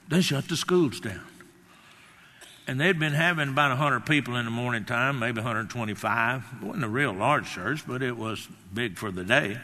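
A man's voice: medium pitch, bright, forceful tone, long reverb tail. An older man preaching a sermon, speaking emphatically, acting out quotes and wandering into personal stories. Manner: emphatic, acts out quotes, rambling anecdotes.

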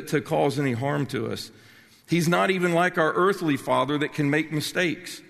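A man's voice: on the high side, vocal fry, a bit bright. An older man, preaching a sermon with passion and emphasis and often restarting his words. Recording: long reverb of a large hall.

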